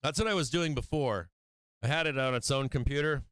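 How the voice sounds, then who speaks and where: A man's voice: medium pitch, a little fast, fairly bright tone, clean tone, no room sound. A man hosting a stock trading live stream, talking casually, swearing and venting frustration about his trades.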